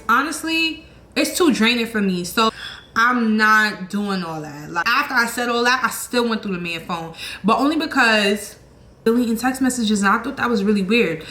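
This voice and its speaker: A young woman telling a storytime vlog, animated and blunt, swearing freely and acting out her own quoted lines. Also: a little high. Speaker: channel host. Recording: echoey room with faint noise.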